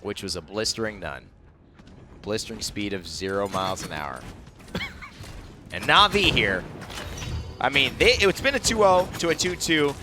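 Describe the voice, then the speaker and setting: A man's voice: fairly low pitch, background noise. A man casting a professional esports match, joking with his co-caster before breaking down the game. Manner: joking, animated banter that shifts into quick analysis. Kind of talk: live esports commentary.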